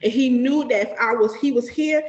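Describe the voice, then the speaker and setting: A woman tells a personal story in easy chat, her voice a little high. She is animated and profane and acts out the people she quotes. The room around her has a noticeable echo. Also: normal speed, highs cut off. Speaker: podcast guest.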